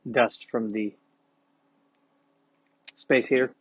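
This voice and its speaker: Sniffly male comic rambling, self-mocking, mid pitch, dry slightly muffled sound. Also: steady tone, drawn-out words, husky, dry recording. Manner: self-deprecating, rambling with many restarts. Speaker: comedian vlogger. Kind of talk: casual rambling monologue.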